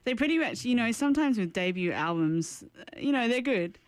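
Female radio co-host, smooth lowish voice, dry studio sound, chatty and opinionated. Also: lively intonation, fairly quick, dry recording. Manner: chatty, opinionated, trails off and restarts. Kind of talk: casual radio chat.

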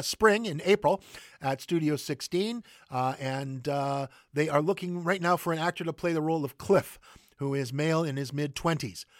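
A man hosting theater announcements, stumbling through with fillers and self-corrections. His voice sits a little high, and it is recorded close to the mic, dry and without room sound. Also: no room sound. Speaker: theater news host. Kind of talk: casual radio announcements.

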